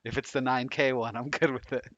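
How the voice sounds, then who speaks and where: A man co-hosting a betting show, trading quick, joking banter in casual chat. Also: mid-range voice, steady tone, a bit bright, no room sound. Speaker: co-host. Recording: dry, dull lo-fi mic.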